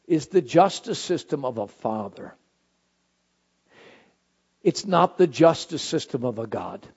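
A male pastor preaching a sermon, swinging from loud, high shouted phrases to soft, low, intimate ones. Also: expressive, measured pace, creaky, husky, lo-fi sound.

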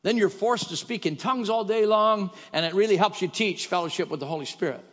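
A man's voice: high voice, brisk. Guy preaching a sermon, fired up and repeating himself, kinda muffled lo-fi church recording. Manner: emphatic, exhorting, repetitive. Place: church sanctuary. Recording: dull echoey church hall.

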